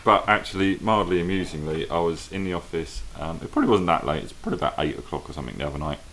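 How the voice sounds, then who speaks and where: A man with a very deep voice swaps jokey anecdotes on a podcast, laughing along at his own stories. A light hiss runs beneath him. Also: racing, a bit bright. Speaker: podcast co-host. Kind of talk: casual chat. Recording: hissy mic noise.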